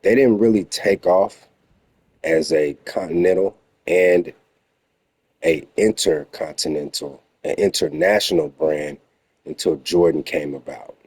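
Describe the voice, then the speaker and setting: A very deep man with a dark, husky voice talks bluntly into the camera, lecturing with emphasis. The sound is close and dry, with faint music underneath. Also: a little slow, no echo. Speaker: reaction commentator. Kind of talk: casual reaction commentary.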